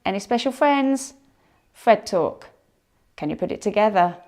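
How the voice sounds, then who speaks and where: Slow, encouraging woman teacher. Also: mid-range voice, animated, darkish tone. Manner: slow, encouraging, drawn-out sounding out of words. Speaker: primary school teacher. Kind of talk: phonics lesson for young children.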